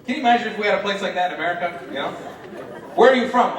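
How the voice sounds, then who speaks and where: A man's voice: high voice, animated, rapid-fire, very noisy. A man of Palestinian heritage performing a stand-up set, teasing the crowd with mock-scolding and playful rhetorical questions. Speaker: stand-up comedian. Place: large banquet hall. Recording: echoey hall, distant mic, crowd laughter. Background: audience laughter.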